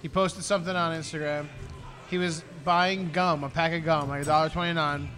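A man in a casual podcast chat, tossing in quick wisecracks. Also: a little high, little pitch movement, bright, forceful tone. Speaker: podcast co-host.

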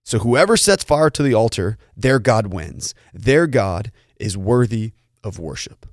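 A pastor tells a story in an earnest, preaching way, often doubling words as he restarts. His voice sits on the low side. The recording is dry and close. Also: very animated, a little slow, dry recording. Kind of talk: sermon storytelling.

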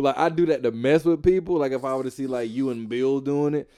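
A man in casual conversation, co-hosting a talk show, lively and swearing freely as he acts out quotes. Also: mid-range voice, fast talker, hardly any pauses, clean tone. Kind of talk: casual chat.

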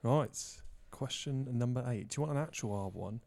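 A man's voice: mid-range voice, normal speed, vocal fry, darkish tone. A man hosting a casual podcast quiz, playful and teasing as he reads out the questions. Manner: playful, laughs often, teasing. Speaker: podcast host, quizmaster.

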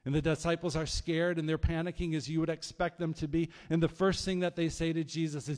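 A man preaching a sermon as pastor, telling stories in a lively, conversational way. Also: on the high side, fairly quick, few pauses. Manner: storytelling, animated, conversational preaching. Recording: long hall reverb.

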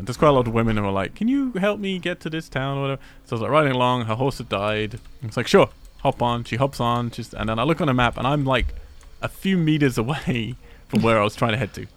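A man chatting casually about a video game, retelling moments with swearing and animated asides. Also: medium pitch, fast talker.

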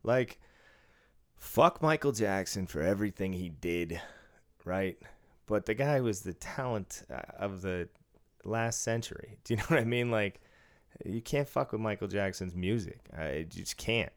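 A man's voice: on the low side, lively intonation, unhurried. A man co-hosting a podcast in casual chat, blunt and profane, laughing often. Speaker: podcast co-host. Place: studio room.

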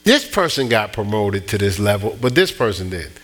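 A man's voice: fairly low pitch, very animated, moderate pace, few pauses, fairly bright tone. A man preaching a sermon, telling a personal story with many restarts and bursts of rising emphasis. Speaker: pastor.

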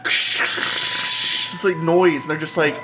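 A man's voice: on the high side, steady tone, slow pace, pushed and bright, faint music behind, rough recording. A man co-hosting a podcast in casual chat, rambling and joking. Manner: rambling, jokey, full of silly put-on quotes. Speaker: podcast co-host.

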